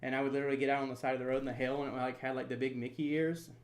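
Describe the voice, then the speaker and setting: A man's voice: mid-range voice, level tone, very fast. Chatty storm-chaser man on a livestream. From North Florida. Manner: chatty, laughs easily, reads viewer comments aloud. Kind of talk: casual livestream chat.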